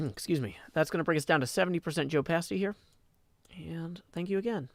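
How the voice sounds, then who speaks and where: A man hosting a casual livestream, talking in a halting way full of ums and likes and cheerfully reading out viewer tips. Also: on the high side, gravelly, no echo, clean studio sound. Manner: reads viewer tips aloud, upbeat. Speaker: livestream host.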